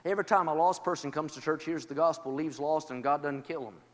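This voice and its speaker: A man preaching a sermon, moving from quiet testimony to shouted, rhythmic praise. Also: a little high, quick pace. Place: church. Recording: long reverb of a large hall. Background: congregation responding.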